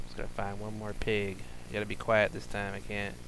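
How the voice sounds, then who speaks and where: A man streaming a video game live, talking to himself as he plays and breaking into loud, frustrated, swearing outbursts. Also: on the low side, monotone, fairly quick, background noise. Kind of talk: live gameplay commentary.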